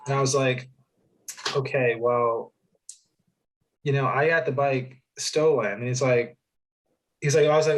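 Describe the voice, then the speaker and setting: A man's voice: mid-range voice, fairly even intonation, moderate pace, pauses often, poor audio. A young man, a guest on an interview show, telling a story in a loose, casual way with lots of fillers and restarts. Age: young adult.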